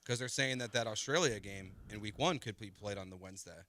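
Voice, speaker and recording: A man's voice: on the low side, fairly quick, sharp tone. A man co-hosting a sports talk radio show, emphatic and given to repeating himself.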